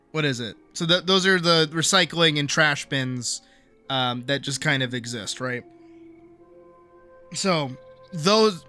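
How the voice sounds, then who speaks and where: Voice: medium pitch, sharp tone. A young adult streamer telling a work story in casual chat, swearing freely and acting out quoted voices.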